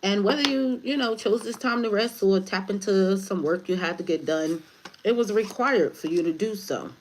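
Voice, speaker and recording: A woman's voice: medium pitch, normal speed, slight background noise, poor audio. A woman giving a casual spiritual tarot reading to her viewers, rambling loosely, swearing freely and joking as she goes. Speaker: spiritual advisor, tarot reader.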